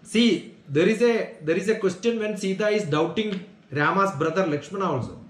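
A man's voice: high-pitched, normal speed, echoey room. A man teaching as a spiritual teacher, answering questions earnestly and checking in with his listeners as he explains. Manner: earnest, explanatory, asks "Got it?" to check understanding.

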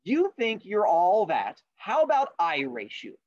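A man's voice: high voice, wildly swooping pitch, unhurried, a little mellow, muffled recording, full character voice. A man playing a plucky, defiant tortoise. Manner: defiant, challenging. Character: plucky slow male tortoise, stubborn underdog.

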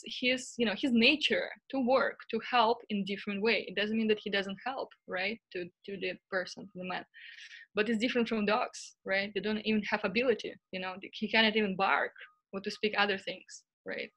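A woman's voice: mid-range voice, fairly bright tone. A woman giving an online lecture, telling a story animatedly and tagging nearly every phrase with "right?" and "you know". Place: online stream.

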